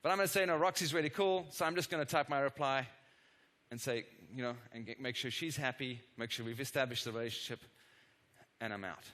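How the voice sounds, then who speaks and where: A middle-aged man giving a live product demo keynote on a conference stage, energetic and constantly checking in with the audience through quick tag questions and self-deprecating asides. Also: mid-range voice. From not from the United States. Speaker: conference presenter.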